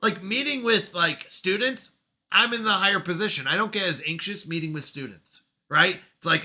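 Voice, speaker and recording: A man streaming live, chatting casually with his community and answering chat, self-deprecating and quick to laugh at himself. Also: sits high, expressive, pushed and bright. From Canada.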